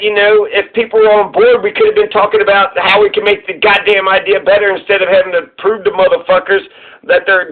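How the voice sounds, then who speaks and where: A man hosting political commentary, ranting sarcastically and profanely about clips he plays. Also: high-pitched. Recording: tinny phone-like audio.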